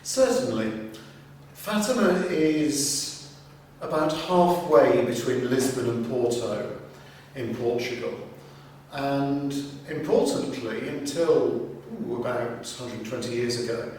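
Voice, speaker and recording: A man's voice: mid-range voice, darkish tone, distant mic. Deacon man telling a story in a very echoey room. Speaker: deacon, interviewee. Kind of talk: conversational interview. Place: large reverberant room in a seminary. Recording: very echoey room, voice off-mic, faint noise.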